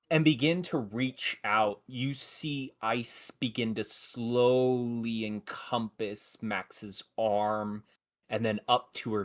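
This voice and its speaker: A man running a tabletop game on a live stream, narrating with many pauses and fillers. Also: mid-range voice, fairly bright tone. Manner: hesitant, many fillers, apologetic. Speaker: game master.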